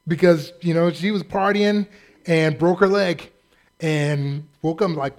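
A pastor preaches with humor, acting out the voices of the people in his stories, his voice on the high side and unhurried.

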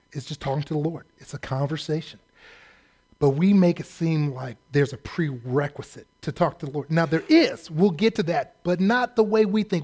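Storytelling preacher with a higher voice. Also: male voice. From California, US. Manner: self-deprecating, acts out shouted drill-staff voices. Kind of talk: storytelling sermon.

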